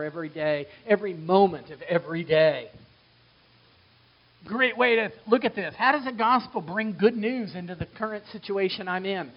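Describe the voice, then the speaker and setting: High-voiced, animated male preacher. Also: muffled recording. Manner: expressive preaching, swings from loud exclamations to hushed asides. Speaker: pastor. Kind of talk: sermon.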